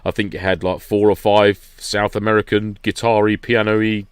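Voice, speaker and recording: A man's voice: fairly low pitch, flat delivery, normal speed, smooth, dry recording. A man chatting casually on a podcast, telling a rambling story and laughing often. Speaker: podcast guest regular recounting an event. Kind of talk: casual chat.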